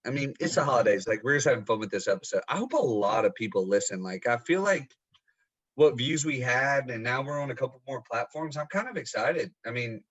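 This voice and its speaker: A man's voice: medium pitch, expressive, a little fast, a bit bright, breathy edge, lo-fi sound. A young man hosting a casual podcast from home, telling loose, profane stories. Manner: laid-back, profane storytelling. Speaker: podcast host. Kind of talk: casual chat.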